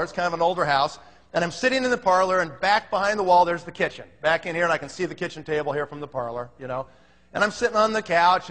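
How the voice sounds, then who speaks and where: Animated storyteller, man, high voice, bright tone, long reverb of a big hall. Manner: animated, acts out the other voices. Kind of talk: comic storytelling.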